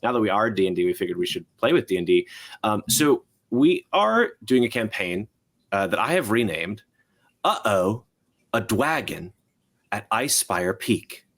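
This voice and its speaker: Upbeat low-voiced male game master. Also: big pitch swings, moderate pace. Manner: upbeat, laughs often. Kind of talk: hosting a tabletop game.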